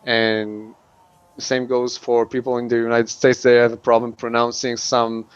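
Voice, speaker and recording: Man, English, hesitant with restarts, smooth resonant voice, dry dull lo-fi sound. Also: medium pitch, monotone, normal speed, no echo. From Middle East. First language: not English. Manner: hesitant, many restarts and fillers. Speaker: interview guest. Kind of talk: casual interview.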